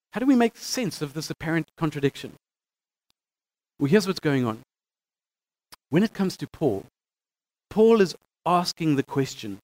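A man teaching a Bible lesson in a conversational way, stumbling over restarts and reading passages with lively emphasis. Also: on the high side. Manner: conversational, animated when reading quotes, some stammering restarts.

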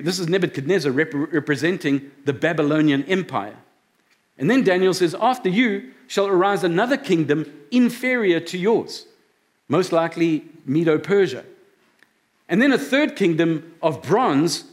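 Guy pastor with a high voice, chatty sermon, keeps asking "right?". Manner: conversational preaching with rhetorical questions. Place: church service before a congregation.

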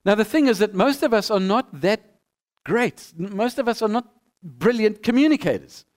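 A man preaches a sermon in a high voice. His tone is clear and smooth. He acts out little dialogues with animated energy. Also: moderate pace. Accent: non-local accent. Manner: animated preaching, acting out both sides of a dialogue. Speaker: pastor.

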